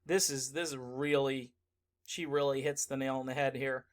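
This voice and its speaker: A man giving sarcastic, animated political commentary in a vlog. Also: medium pitch, moderate pace.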